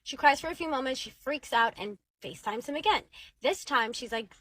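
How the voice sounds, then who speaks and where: A woman's voice: high-pitched, fairly quick, a bit bright, dry recording. Chatty woman retelling gossip, dramatic. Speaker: storytime narrator. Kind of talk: casual storytime recap.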